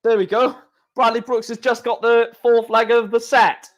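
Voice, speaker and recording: A high-voiced man giving casual, chatty live reaction commentary. He talks straight to his viewers and bursts into excitement over big moments. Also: moderate pace. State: hiccuping. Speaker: live stream host reacting to darts.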